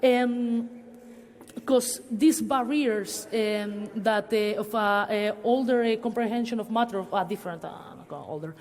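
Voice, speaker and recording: A woman's voice: medium pitch, measured pace, darkish tone. A woman speaking on a public panel in a cultural centre hall. She talks hesitantly, with many fillers. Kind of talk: public talk in a panel discussion. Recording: long hall reverb.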